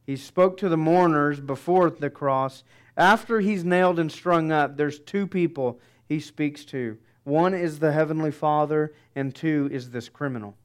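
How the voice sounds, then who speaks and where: A middle-aged man preaching a sermon, slow and deliberate. His voice is smooth and clear, rising to emphatic declarations and dropping to hushed, weighty pauses. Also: a little high. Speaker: pastor.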